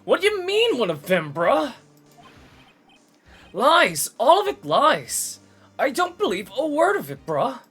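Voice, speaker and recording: A man voicing an excitable young male surfer dude who talks in drawling bro slang, in a game read-along. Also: very high voice, slow, pauses often, husky, voice pushed up, exaggerated voice. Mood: indignant.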